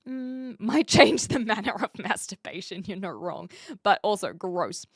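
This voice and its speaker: A woman from New Zealand livestreaming from an attic, chatting casually as she reads and answers her live chat, self-mocking and quick to laugh. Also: mid-range voice, animated, no echo, studio quality. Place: attic room.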